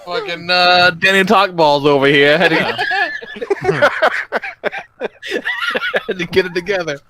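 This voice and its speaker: A man's voice: high-pitched, big pitch swings, takes it slowly, over a noisy crowd. A man co-hosting a podcast, laid-back and wry, swearing freely in casual chat. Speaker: podcast co-host.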